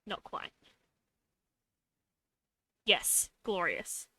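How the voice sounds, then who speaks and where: Bright-voiced woman chatting while drawing. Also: lowish voice, very animated, very slow, husky, no echo. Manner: talks to herself while drawing, adds playful sound effects. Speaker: streamer. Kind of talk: casual live-stream chatter while drawing.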